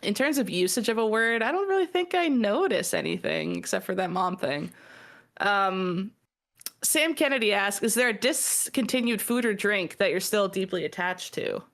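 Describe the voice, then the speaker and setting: A woman's voice: medium pitch, big pitch swings, normal speed, a bit bright. Chatty woman podcast host. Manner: chatty storyteller, laughs often. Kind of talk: casual panel chat.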